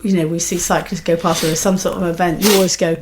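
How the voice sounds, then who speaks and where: A woman co-hosting a podcast in casual chat while she has a cold, telling stories and quick to protest. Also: fairly low pitch, little pitch movement, noisy background. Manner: chatty, quick to protest, storytelling. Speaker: podcast co-host.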